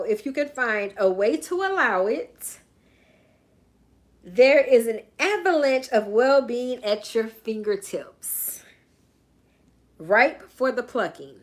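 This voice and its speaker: A life coach with a Southern US accent reads a book aloud on a live stream, chatting with viewers in between. She greets them by name and slips into playful sing-song asides, speaking in a mid-range voice.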